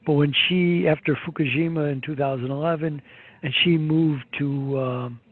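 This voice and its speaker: A man's voice: on the high side, fairly even intonation, normal speed. Opinionated man on a tinny line. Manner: opinionated, rambling, many fillers and restarts. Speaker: market commentator guest. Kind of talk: casual market commentary.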